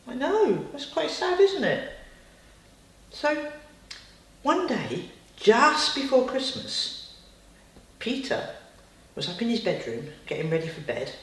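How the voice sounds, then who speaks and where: A woman telling a bedtime story to a child, with chatty, lively asides. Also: lowish voice. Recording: roomy, distant.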